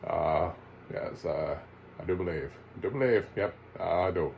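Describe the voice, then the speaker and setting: Guy doing an old folksy neighbor man, real deep, slow drawl, lots of uhs. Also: gravelly, darkish tone, slight background noise. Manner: slow drawl with many hesitant pauses. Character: folksy elderly male neighbor, slow and hesitant.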